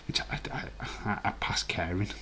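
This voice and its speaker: A man's voice: moderate pace, bright, forceful tone. A man in his forties hosts a live watch-along stream. He chats casually, reads viewer comments aloud and rambles with filler words.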